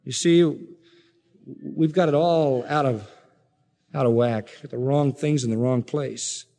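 A man preaching a sermon. He builds with pointed rising questions and drops low for quieter asides. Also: fairly even intonation, a little slow, creaky. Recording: echoey hall reverb.

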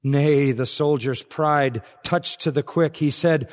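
A man's voice: mid-range voice, slow, few pauses, a little mellow. An older man preaching an expository sermon as pastor, rising to emphatic swells. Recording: long reverb of a large hall.

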